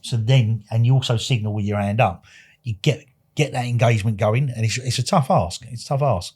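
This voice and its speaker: Man, podcast guest, quick talker, animated storyteller. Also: medium pitch, breathy edge. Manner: animated, acts out dialogue, swears. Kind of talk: casual storytelling chat.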